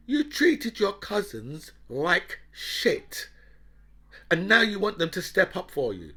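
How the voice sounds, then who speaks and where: A man's voice: sits high, sing-song, slow, bright, forceful tone, breathy edge. A man delivering an angry, sarcastic political rant, constantly checking in with "right?" and mocking his opponents. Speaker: political commentator.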